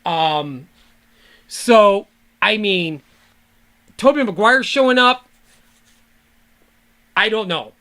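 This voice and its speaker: Podcast host, solo monologue, rambling, profane, tense bright voice. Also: mid-range voice, expressive, drawn-out words, pauses often. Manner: rambling, profane fan rant, trails off.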